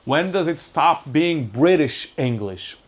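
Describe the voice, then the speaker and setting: A man's voice: fairly high pitch, lively intonation, takes it slowly. A young man, rambling through a casual podcast monologue, full of questions and frequent swearing. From Portugal. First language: Portuguese. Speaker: podcast host.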